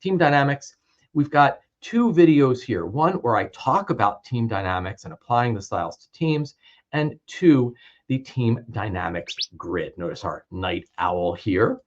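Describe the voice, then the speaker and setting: A man's voice: medium pitch, expressive, measured pace. Casual male trainer on a lo-fi mic. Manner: conversational, informal. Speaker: trainer demoing his video series. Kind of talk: casual product walkthrough. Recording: dull lo-fi with clear background noise.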